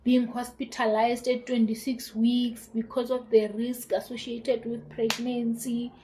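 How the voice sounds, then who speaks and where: A young South African woman in her twenties tells a personal story to her channel in a casual, animated way. Her voice sits slightly higher than most, and she slips into the voices of the people she quotes. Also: unhurried, slight background noise, rough recording. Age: 20s. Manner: animated retelling with quoted dialogue and laughter. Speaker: YouTuber.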